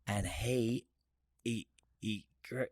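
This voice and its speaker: A man's voice: mid-range voice, fairly even intonation, very slow, darkish tone, dry recording, studio quality. A man with an Australian accent co-hosting a podcast, telling crude, laughing stories in casual banter. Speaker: podcast co-host.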